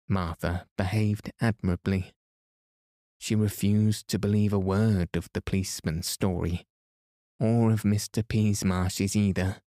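Slow calm male bedtime narrator. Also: low voice, dry recording, clean studio sound. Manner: calm, soothing. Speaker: podcast host reading bedtime stories.

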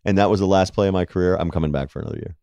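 A man guest on a sports podcast, telling animated stories and acting out quotes. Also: deep voice, racing, creaky, smooth, no room sound. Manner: animated storyteller, acts out quotes. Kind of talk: casual sports chat.

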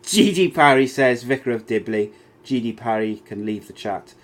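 A man's voice: mid-range voice, expressive, moderate pace. A man co-hosting a podcast who reads out viewer comments and gives blunt, mocking opinions in casual banter. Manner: blunt, mocking, swears freely. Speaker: podcast co-host reading live chat.

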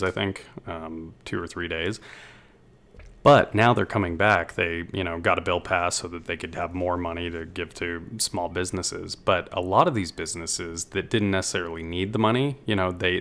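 A man's voice: low-pitched, steady tone, normal speed, a bit bright. A man from the United States co-hosting a podcast, talking in an easygoing, rambling way in casual chat. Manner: easygoing, rambling, with many fillers. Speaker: podcast co-host.

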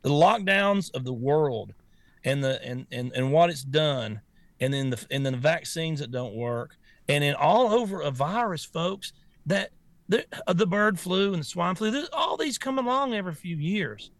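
Man, talk show co-host, blunt, rambling, gravelly, slightly high. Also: expressive, moderate pace, no echo. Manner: blunt, rambling, repeats words. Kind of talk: casual talk show chat.

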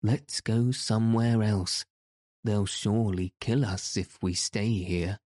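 A man's voice: on the low side, steady tone, slow pace, darkish tone, dry recording, studio quality. A man reading a storybook, voicing an earnest young girl who asks questions and scares easily. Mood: curious.

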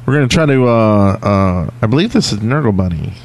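A man's voice: lowish voice, lively intonation, brisk. A man hosting a podcast, taking callers in casual chat, friendly and hesitant with many fillers. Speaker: podcast host.

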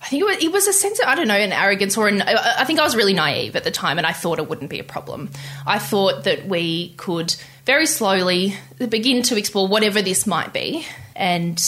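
A young woman telling her personal story in an interview, candid and halting, with many restarts. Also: medium pitch, expressive, fairly bright tone. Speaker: interview guest.

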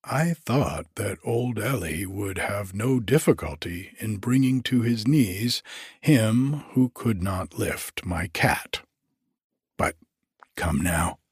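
A sly, gloating giant king, as a male narrator puts him on, mocking and scornful, sometimes dropping to a hush. The voice is low and husky, unhurried and dry. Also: no echo, full character voice. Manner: gloating, taunting, often hushed to a whisper.

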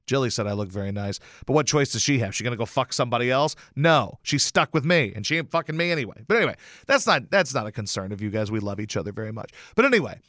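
A man's voice: mid-range voice, lively intonation, fast talker, few pauses, a bit bright, dry recording, clean studio sound. Rambling self-deprecating male radio host. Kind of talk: casual storytelling monologue. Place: radio station studio.

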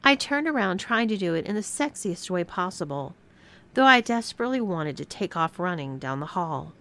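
A woman reading a scripted first-person story aloud as narrator, with expressive storytelling. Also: lowish voice, normal speed, creaky.

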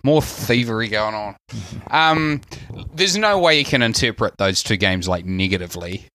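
A man's voice: on the low side, lively intonation, normal speed, pushed and bright, no room sound, clean studio sound. A man with a New Zealand accent, a podcast guest talking in a thoughtful, hedging way that breaks into easy laughs, joining over a remote call. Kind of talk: casual analytical chat.

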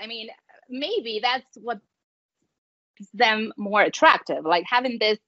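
A woman's voice: fairly high pitch, lively intonation, measured pace, fairly bright tone, no echo. A woman from Mexico speaks English with a light Mexican accent, a mother chatting as a guest. She talks in loose, friendly bursts, full of fillers and restarts. The sound is dry and a bit dull. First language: Spanish. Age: adult with children. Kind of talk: casual interview chat.

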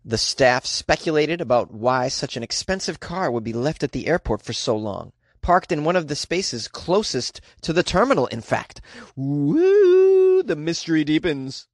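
A man's voice: medium pitch, expressive, normal speed, no echo, clean studio sound. A man hosting a show, reading offbeat news stories aloud and breaking in with sarcastic, jokey asides and laughter. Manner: sarcastic, jokey, laughs at his own bits. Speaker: host.

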